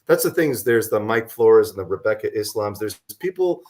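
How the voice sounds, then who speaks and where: Hoarse, low-voiced man meandering through a debrief. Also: expressive, a little fast, darkish tone. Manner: meandering, hesitant, many fillers and restarts. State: voice worn from a long night. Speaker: guest, local political organizer. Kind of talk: radio interview, recapping events.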